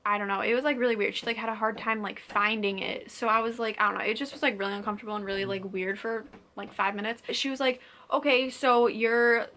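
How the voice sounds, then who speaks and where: A woman's voice: medium pitch, fairly even intonation, fast talker, hardly any pauses, pushed and bright, slight background noise. A young woman vlogger telling a story casually to camera, chatty and full of "like," acting out what people said. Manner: chatty, says "like" constantly, acts out quotes.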